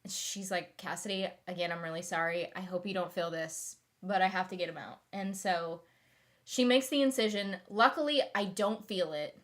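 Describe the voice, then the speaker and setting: A woman's voice: on the low side, moderate pace, fairly bright tone. Young woman vlogging, chatty and rambly, lots of ums and likes, just talking to the camera. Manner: rambling, with many fillers and restarts. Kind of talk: casual storytelling.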